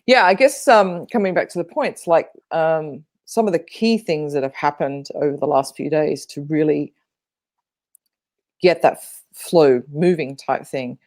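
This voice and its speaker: On a casual spiritual-chat podcast, this female co-host rambles through stories with many fillers in an easygoing manner. Her low-pitched, darkish voice moves at a measured pace, and the recording is dry.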